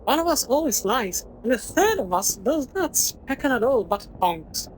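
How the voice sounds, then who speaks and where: A woman's voice: high voice, sing-song, a little slow, a little hiss or hum, pitched above the performer's own voice, low-quality recording. A woman voicing a solemn male woodcutter who speaks in stiff, archaic, formal phrasing.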